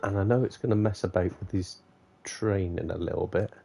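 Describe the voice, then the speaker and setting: Gravelly man chatting over gameplay. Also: low voice, fairly even intonation, brisk, warm tone. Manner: chatty, self-mocking, laughs often, mutters to himself. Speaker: gaming streamer. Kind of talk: casual live gameplay commentary.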